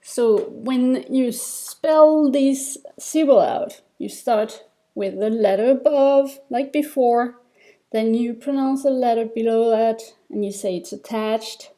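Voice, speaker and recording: A woman giving a recorded reading lesson, taking each step slowly and patiently. Her voice sits a little high but sounds mellow and soft-edged. She pauses with fillers and restarts as she explains. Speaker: Tibetan reading teacher. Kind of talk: recorded lesson over slides.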